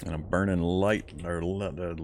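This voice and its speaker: A man's voice: low-pitched, level tone, moderate pace, a little mellow, slight background noise. A man talking to himself while playing a game, chatty and laughing often as he comments. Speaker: gameplay commentator. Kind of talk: casual let's-play commentary.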